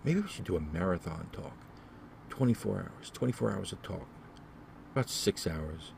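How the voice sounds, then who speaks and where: A man's voice: low-pitched, expressive, moderate pace, gravelly, noisy background. A man hosting his own podcast, talking alone in a rambling, repetitive way with many fillers. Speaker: podcast host. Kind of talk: solo casual podcast monologue.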